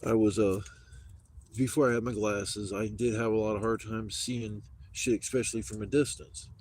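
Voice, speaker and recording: A man's voice: lowish voice, steady tone, normal speed, darkish tone, a little hiss or hum. A man on a live stream telling a story in casual talk, rambling and swearing a lot.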